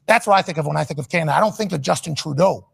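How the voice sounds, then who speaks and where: This is a man from Pittsburgh with a high-pitched voice and a gravelly edge. He talks in a blunt, profane, rambling way, like an impassioned on-air monologue. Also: rapid-fire, a bit bright. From Pittsburgh, Pennsylvania, USA.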